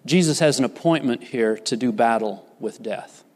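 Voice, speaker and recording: A man preaching a sermon as a pastor, swinging from loud, rising emphasis to hushed, low asides. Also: normal speed. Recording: reverberant hall.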